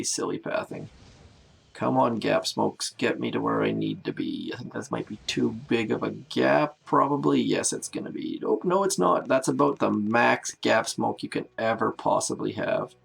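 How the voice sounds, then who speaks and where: A man with a heavily gravelly, creaky voice talks through a live game stream at an ordinary middle pitch. He counts off moves, thinks aloud and greets chat viewers by name. His tone is chatty and self-narrating. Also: normal speed. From Canada. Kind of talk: live gameplay commentary.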